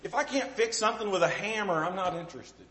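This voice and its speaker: A man's voice: high voice, quick pace, bright, forceful tone. A middle-aged male pastor preaching a sermon with folksy, self-deprecating stories. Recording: echoey room.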